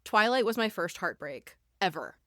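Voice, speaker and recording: A woman's voice: medium pitch, big pitch swings, moderate pace, fairly bright tone, no room sound, studio quality. A woman guest on a podcast in casual chat, gushing and emphatic and swearing freely.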